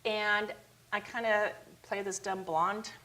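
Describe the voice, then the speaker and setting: A middle-aged woman recounts her story with animated energy, slipping into a higher voice for the people she quotes. Her voice sits in a middle pitch, and she talks as a guest on a TV talk show. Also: slow pace, low-quality recording. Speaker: founder of a youth outreach charity.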